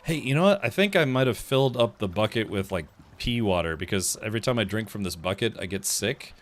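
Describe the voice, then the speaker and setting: Guy streaming a game, kinda low voice, chatty and easily sidetracked. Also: expressive, fairly quick. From United States. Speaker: streamer host. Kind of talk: let's play commentary.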